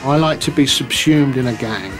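A man's voice: mid-range voice, moderate pace, over music. A man reflecting candidly in an interview.

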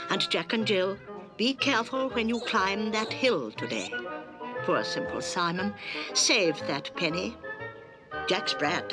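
Brief: prim motherly old storyteller, slow and lilting, lively pitch, orchestra behind. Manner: sing-song, prim and motherly; breaks into song. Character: kindly old woman storyteller, fussy and sentimental. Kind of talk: 1960s animated musical. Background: orchestral music.

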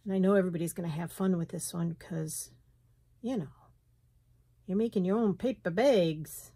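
A middle-aged woman with a slight Southern US lilt, chatting and thinking aloud as she works on a craft journal in her sunroom, with soft laughs. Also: fairly low pitch, moderate pace, husky. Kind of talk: casual craft tutorial chat. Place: home sunroom, indoors.

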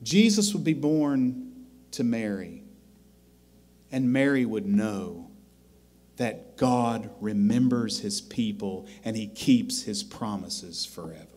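A man preaching a sermon as pastor, slow and deliberate, rising loud on scripture and dropping quiet to make a point. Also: lowish voice, lively intonation. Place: church sanctuary.

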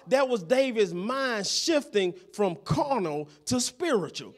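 A man's voice: very high-pitched, sing-song, unhurried. A man preaching a sermon as pastor in a church, constantly checking in with the congregation and repeating his phrases.

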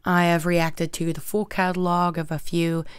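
A man's voice: on the high side, level tone, normal speed, smooth, no room sound. A middle-aged man hosting a reaction video, chatting casually about comedy from a home studio. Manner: chatty, laughs along with the clip. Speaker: reaction channel host. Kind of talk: casual commentary. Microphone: desk microphone.

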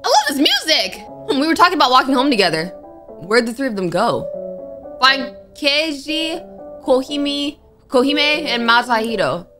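A woman's voice: high-pitched, animated, normal speed, music in the background. A woman streamer playing a horror game, talking to herself in nervous, jumpy commentary. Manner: jumpy, talks to herself, scared exclamations. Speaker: gaming streamer. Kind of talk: let's play commentary.

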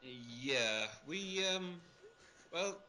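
Man, podcast co-host, rambling, self-correcting, bright tone, faint noise. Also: medium pitch, animated, extremely slow, low-quality recording. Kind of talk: casual podcast discussion.

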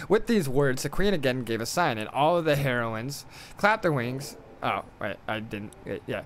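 A man's voice: medium pitch, lively intonation, moderate pace, fairly bright tone, a little hiss or hum. A male streamer reading a storybook aloud during a game stream, stumbling over words and adding irreverent asides.

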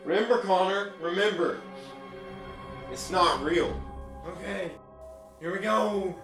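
High gravelly man yelling in an echoey room. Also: slow, long pauses, over music. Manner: jumpy, profane, yelling threats at the game. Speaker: gaming YouTuber. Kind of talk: VR horror gameplay commentary. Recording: very echoey room, mic far off.

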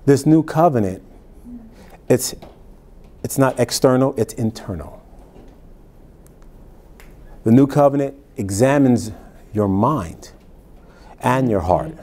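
A man preaching a Bible-teaching sermon as pastor, reading verses slowly and then explaining them in plain, conversational asides. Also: mid-range voice, expressive, mellow.

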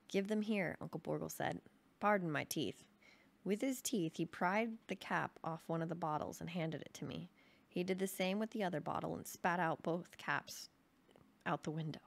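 A woman reads a children's novel aloud, her voice pitched a little low. She keeps a soft, sleepy bedtime pace and now and then stumbles on a word. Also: creaky. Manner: soft, sleepy bedtime reading with small slips. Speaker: audiobook reader.

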